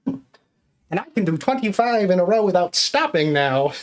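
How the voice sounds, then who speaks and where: A man's voice: sits high, big pitch swings, moderate pace. A man streaming live, chatting casually and counting exercise reps aloud while out of breath.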